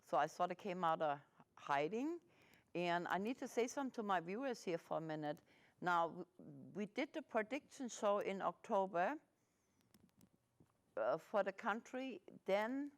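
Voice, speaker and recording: A woman hosting a casual interview in a small TV studio, rambling and halting with many restarts. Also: mid-range voice, animated. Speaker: host.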